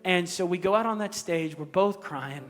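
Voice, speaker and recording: A man's voice: high voice, moderate pace, fairly bright tone. A male pastor telling a personal story in an earnest, raw, confessional sermon. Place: church auditorium stage. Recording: echoey hall with music underneath.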